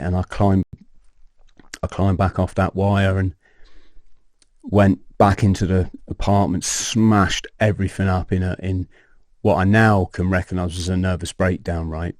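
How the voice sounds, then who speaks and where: A man, a podcast guest telling his personal story in an animated way, swearing and acting out scenes. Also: low voice, unhurried, dry recording, studio quality.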